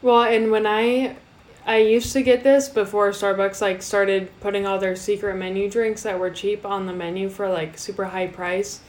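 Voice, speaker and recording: A young woman co-hosting a casual podcast, chatty and quick to laugh, with casual swearing. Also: medium pitch, flat delivery. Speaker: podcast co-host. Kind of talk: casual chat.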